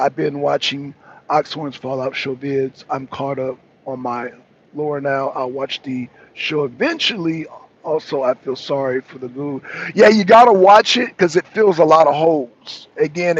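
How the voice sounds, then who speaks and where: Stream host, male, raised pitch with a raspy edge, keeps hammering his point and argues with chat. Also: muffled recording. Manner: emphatic, repeats himself, argues back. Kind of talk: livestream commentary answering chat.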